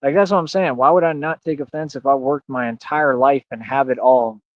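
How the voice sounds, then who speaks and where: A man's voice: medium pitch, fairly even intonation, brisk, no echo. A man streaming live, boastful and confrontational, challenging viewers in slangy speech full of "bro" and "like.". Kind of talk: ranting livestream talk. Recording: dull, dry lo-fi stream audio.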